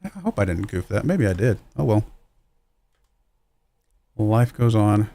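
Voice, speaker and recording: Gravelly-voiced man musing over a game. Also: lowish voice, very animated, unhurried, mellow. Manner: musing aloud, self-deprecating, chuckles at own mistakes. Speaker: streamer playing a football management game. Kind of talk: casual livestream commentary.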